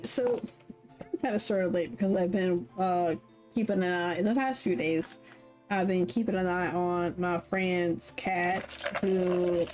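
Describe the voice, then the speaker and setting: A young woman streamer who chats casually and rambles between lines of a story game, laughing at herself often. Her voice sits at an ordinary middle pitch, with soft music playing behind her. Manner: giggly, rambling, self-deprecating.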